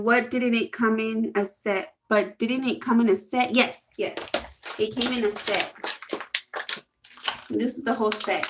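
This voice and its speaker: A young woman hosting a casual livestream, chatting excitably and reading viewer comments aloud. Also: fairly high pitch, unhurried, heavy background noise. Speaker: livestream host.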